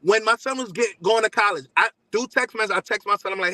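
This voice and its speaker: A man telling his story as a father, animated, acting out both sides of the conversations he recounts. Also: sits high, fast talker, hardly any pauses, no room sound, rough recording. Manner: animated, acts out both sides of texts and talks. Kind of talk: casual storytelling.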